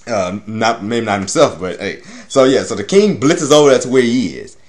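A man reviews an anime episode in an offhand, rambling way, peppered with swearing and laughs. His pitch sits in the middle of the range but rises and falls a lot as he gets worked up. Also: sing-song, normal speed. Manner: rambling, profane, laughs often.

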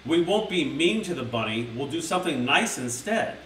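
Calm, level-headed storybook owl, as a man reads it, slightly high, picked up from a distance. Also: normal speed, slight background noise. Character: a calm owl proposing a plan. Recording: roomy sound from a distant mic.

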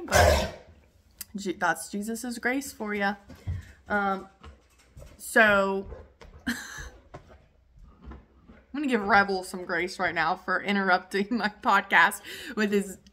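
A young woman hosts her podcast from home, and her voice is bright and lively at an average pitch. She retells a story in a chatty, informal way, full of fillers and asides. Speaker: podcast host. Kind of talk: casual storytelling chat. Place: home with her dog nearby.

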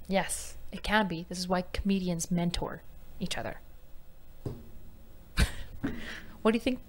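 A woman's voice: fairly low pitch, fairly even intonation, unhurried. A woman streamer ranting in an exasperated, profane, lecturing way. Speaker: livestreamer. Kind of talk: heated stream rant. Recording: distant mic with faint room noise.

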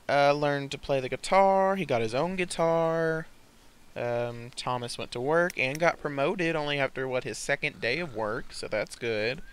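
A man's voice: on the high side, a bit bright, a little hiss or hum. A young man hosting a casual gameplay let's play, often exasperated and scolding the characters he controls.

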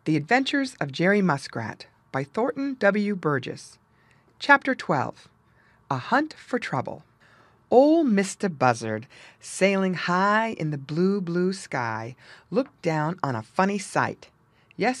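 A woman reading a children's storybook aloud as audiobook narrator, with lively storytelling. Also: lowish voice, dry recording. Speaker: audiobook reader.

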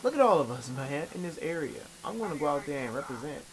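A young man casually commentating while he plays an online shooter, swearing and complaining with sudden excited outbursts. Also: a little high, quick pace. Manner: profane, frustrated, with excited outbursts. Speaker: gamer. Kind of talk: live commentary over gameplay. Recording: noisy capture over game audio. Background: game sounds.

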